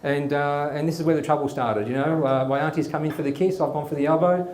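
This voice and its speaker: A man's voice: on the high side, steady tone, fast talker, a little mellow, reverberant. A man hosting a live comedy show, telling rambling stories with lots of fillers. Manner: rambling, chatty, many fillers. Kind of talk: live stand-up storytelling. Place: studio before a live audience.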